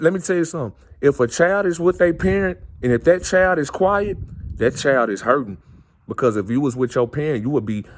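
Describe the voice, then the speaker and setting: A man's voice: medium pitch, a little mellow. A man speaking in an earnest, impassioned monologue, circling back and repeating his phrases. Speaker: vlogger.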